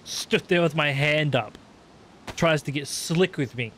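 A man's voice: a little high, measured pace, a little hiss or hum. An Australian man streaming a survival game, swearing and joking in mock outrage. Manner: lively, swears a lot, jokey mock-outrage. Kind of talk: casual gaming commentary. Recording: game music behind the voice. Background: game music.

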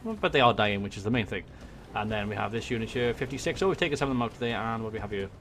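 A man from Wales with a Welsh accent, giving excitable let's-play commentary on a strategy game into a desk microphone, swearing and muttering to himself as he plays. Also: lowish voice, very fast, a little hiss or hum. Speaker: gaming YouTuber. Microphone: desk USB microphone.

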